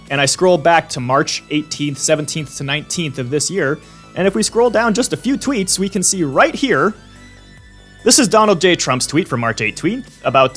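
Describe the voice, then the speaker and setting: A man's voice: on the high side, a bit bright. A man hosting a commentary vlog, ranting bluntly with sarcasm and plenty of swearing. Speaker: vlog host.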